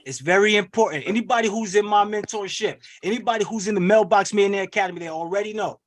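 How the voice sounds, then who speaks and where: A man coaching on an online webinar, rallying listeners with an energetic, preachy call-and-response style over a video call. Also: high voice, quick pace. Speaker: wealth coach hosting a webinar. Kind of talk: hype motivational webinar coaching.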